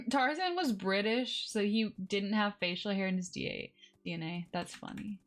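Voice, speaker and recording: A woman's voice: mid-range voice, moderate pace, faint music behind. A woman live streaming a game, chatting casually with her viewers and coaxing her in-game animals along with little exclamations.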